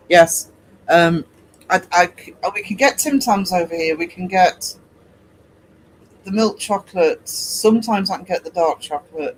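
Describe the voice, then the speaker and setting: A man's voice: a little high, slight background noise, poor audio. A man, an artist chatting casually and rambling to his stream viewers as he works, laughing easily.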